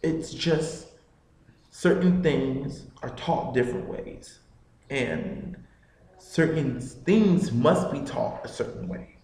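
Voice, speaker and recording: A young man tells a story about his childhood in an unhurried, drawn-out way, padding his sentences with "you know". His mid-pitched voice bounces around a reverberant room, and a faint hum of ambience sits underneath. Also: darkish tone. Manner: rambling, full of "you know" fillers. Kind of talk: casual personal storytelling.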